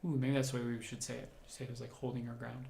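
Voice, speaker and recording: A man's voice: medium pitch, little pitch movement, fast talker, creaky, warm tone, reverberant, slight background noise. A man, a doctor, hosting a livestream Q&A, reading out viewer comments and answering them in a conversational, explanatory way. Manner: conversational, explanatory, thinks aloud while answering.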